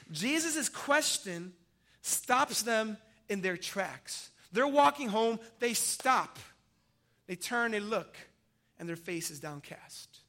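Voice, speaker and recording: A pastor preaching a sermon, retelling a scripture story vividly and swinging from loud emphasis to hushed, quiet lines. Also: male voice, high-pitched, animated, takes it slowly.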